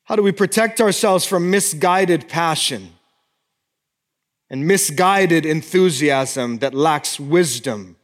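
A pastor delivers a sermon in a high, unhurried voice that rings through a long hall echo. He presses hard with rising exhortations, then drops to a near-hush for intimate appeals to his congregation. The sound is that of a man speaking in a large church sanctuary. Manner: swings between fervent exhortation and hushed, intimate appeals.

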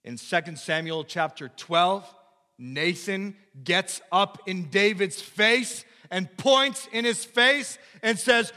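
Emphatic male pastor, high bright voice, sermon in a reverberant church. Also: slow. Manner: emphatic, repeats phrases, swings loud and quiet.

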